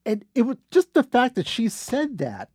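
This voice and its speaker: Lively older man telling a story. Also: extremely high pitch, normal speed, slightly rough, no room sound, studio quality. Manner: animated, acts out quotes, restarts phrases. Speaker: guest telling an anecdote. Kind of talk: casual storytelling.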